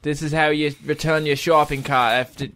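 A man's voice: mid-range voice, normal speed, a bit bright, close to an everyday voice. A man putting on a vague accent as a patronizing mock driving instructor addressing children. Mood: mock teacherly. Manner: put-on vague accent, teacherly sing-song.

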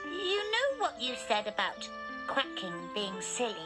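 A woman's voice: fairly high pitch, huge pitch swings, measured pace, over loud music. A woman voicing a fretful little female duck in a children's cartoon, speaking in anxious questions. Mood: grateful. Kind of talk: children's TV voice acting.

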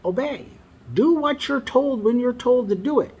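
A man's voice: very high-pitched, normal speed, husky, highs cut off. A man preaching a sermon, reading scripture aloud and stressing key phrases by repeating them.

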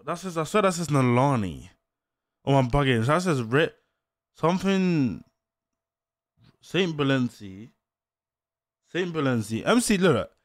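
A young man reacting on a live stream. He repeats slang, gets excited, then trails off into mumbles. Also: on the high side, measured pace, pauses often, no room sound.

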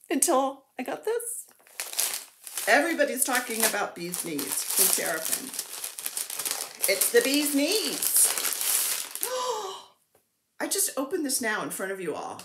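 A woman chatting casually as a cross-stitch vlogger, excitable and playful as she gushes over her purchases. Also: mid-range voice, unhurried, long pauses, background noise. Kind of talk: casual show-and-tell chat. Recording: roomy echo.

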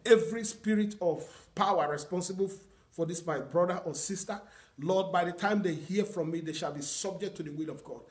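A man's voice: high voice, fairly quick. A pastor delivers a sermon in a somewhat raised voice, leaning on earnest repetition. He teaches his congregation step by step, quoting prayers and scripture as he goes. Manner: earnest teaching with repeated phrases and quoted prayers.

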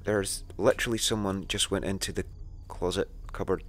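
A man's voice: sits low, steady tone, normal speed, soft background music. Jumpy, sweary man gaming. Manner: jumpy, sweary, talks to himself. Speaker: gamer. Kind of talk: let's play commentary.

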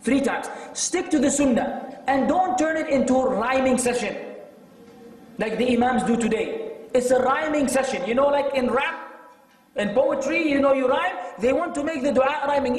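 A man giving a religious lecture, animated and exhorting, often quoting Arabic texts. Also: very high-pitched. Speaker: Islamic lecturer. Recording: echoey hall, from far off.

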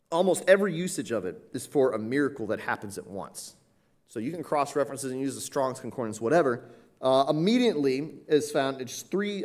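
A man preaching an expository Bible lesson in a conversational way, often pausing with "uh" and checking in with "right?". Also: fairly low pitch. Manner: conversational, frequent "uh" and "right?" tag questions. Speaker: pastor.

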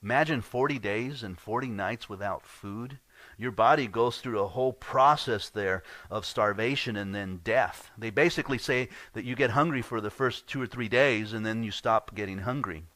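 A male pastor giving a sermon in an earnest teaching tone, often clearing his throat and restarting phrases. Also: fairly low pitch, normal speed, sharp tone, no room sound. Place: church.

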